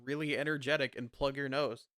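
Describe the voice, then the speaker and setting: Man with a smooth, dry close voice. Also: medium pitch, fairly even intonation, fairly quick, fairly bright tone, no room sound. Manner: laughs often, stammers and restarts. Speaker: podcast host. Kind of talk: casual chat.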